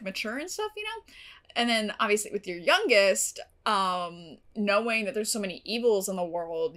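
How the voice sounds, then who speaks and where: A woman's voice: mid-range voice, fairly bright tone. A young woman from the United States talking casually as host of a reaction video, rambling with many "like" fillers, laughing and squealing often.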